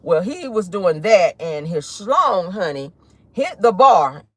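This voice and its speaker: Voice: mid-range voice, very animated, takes it slowly, no room sound. A gossip channel host chatting sassily while driving, swearing freely and calling viewers honey and y'all. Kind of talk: casual celebrity gossip chat. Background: faint road and car noise.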